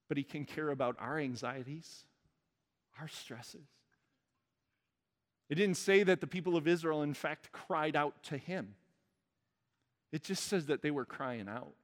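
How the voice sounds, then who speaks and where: A man's voice: on the high side, animated, measured pace, pauses often, in a large hall. A male pastor delivering an earnest sermon and leading a prayer. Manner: earnest preaching, soft prayerful close.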